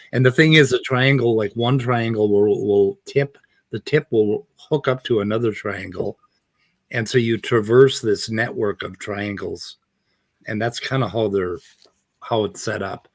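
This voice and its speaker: Rambling low-voiced man explaining. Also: moderate pace, dry recording. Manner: rambling, filler-heavy explaining. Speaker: co-host. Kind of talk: casual panel chat.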